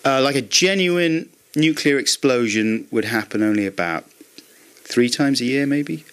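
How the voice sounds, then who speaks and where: A middle-aged man telling comic anecdotes as a radio guest, acting out his own shouting. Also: mid-range voice, a little slow, clean tone.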